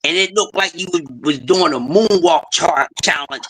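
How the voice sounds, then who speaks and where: A man with a high, bright voice spins rowdy, profane stories on a casual talk show. He acts out the people he quotes and talks with a forceful edge. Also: moderate pace, slightly rough, rough recording. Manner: loud profane storytelling, acting out quotes. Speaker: podcast host. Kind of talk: casual chat.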